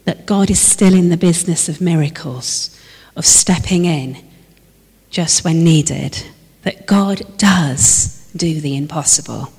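Reverberant, unhurried woman preaching a sermon. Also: deep voice, slightly rough. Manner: expressive, moving between lively emphasis and hushed, slowed reflection. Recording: long reverb of a large hall.

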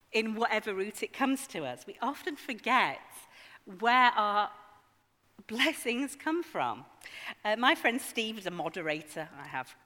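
A woman's voice: mid-range voice, pushed and bright. A woman giving a sermon, conversational with wry asides to her congregation. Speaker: preacher. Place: church. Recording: long hall reverb.

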